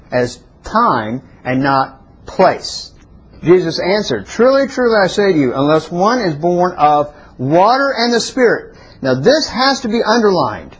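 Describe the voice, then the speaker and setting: A man teaching a Bible class lecture, restarting and correcting himself often, then getting excited and rising sharply in pitch to stress his points. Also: breathy edge, poor audio.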